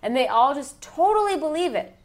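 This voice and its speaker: A woman co-hosting a casual podcast, recapping a movie scene by scene and slipping into quick voices for the characters. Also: high voice, lively intonation. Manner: chatty, retells scenes with quick put-on voices. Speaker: podcast co-host.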